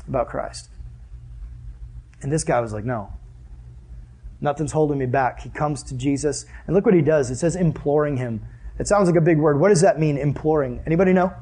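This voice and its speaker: Husky, high-voiced earnest young preacher. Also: male voice, mellow. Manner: earnest, conversational preaching with rhetorical questions. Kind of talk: sermon.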